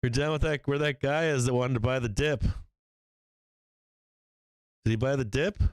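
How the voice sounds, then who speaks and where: A man hosting a live stock market stream, commenting on trades in a profane, excitable way and laughing often. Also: mid-range voice, moderate pace, dry recording. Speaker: stock market livestream host.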